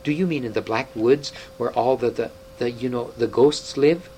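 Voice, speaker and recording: An eager, wondering young prince, as a male reader puts him on, speaking hesitantly at times. The voice stays at a middle pitch. There is a faint hum underneath. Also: normal speed, mellow, natural voice.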